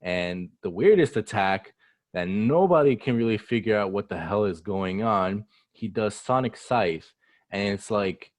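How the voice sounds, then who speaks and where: A man co-hosting a casual chat, relaxed and full of "you know" fillers. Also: on the low side, dry recording, studio quality. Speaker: co-host.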